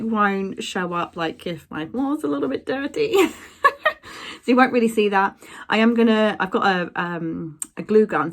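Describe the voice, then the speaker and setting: A young woman chatting casually in a crafting vlog, rambling with frequent ums and likes. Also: on the low side. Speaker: crafting vlogger. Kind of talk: casual chat.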